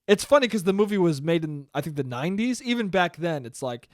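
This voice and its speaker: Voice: mid-range voice, animated, quick pace, hardly any pauses, no echo. A podcast host in a casual comedic monologue, rambling, swearing freely and laughing at their own jokes on a close mic.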